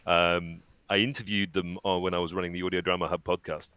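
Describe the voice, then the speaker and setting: Guest voice actor, male, lowish voice, easygoing chat with chuckles. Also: little pitch movement, a little fast, sharp tone, clear, resonant tone, no room sound. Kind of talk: casual chat.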